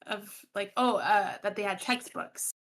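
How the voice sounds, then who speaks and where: Female co-host, mid pitch, chatty storyteller, giggly. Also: fairly even intonation, measured pace, fairly bright tone, slight background noise, poor audio. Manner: chatty anecdote telling, giggly. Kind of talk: casual live stream chat.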